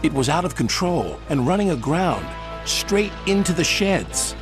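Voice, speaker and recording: A man narrating a children's storybook in a measured, dramatic way, with music behind him. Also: a little high, big pitch swings. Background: background music.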